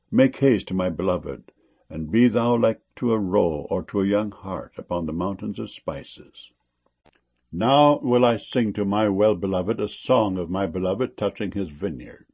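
A man giving a solemn King James Bible reading, measured and reverent, lingering on key words. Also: fairly low pitch, gravelly, darkish tone, husky. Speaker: scripture reader.

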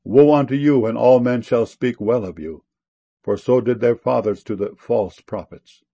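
A man giving a solemn, measured scripture reading with a gravelly, husky voice. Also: medium pitch, warm tone, muffled recording. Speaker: scripture reader.

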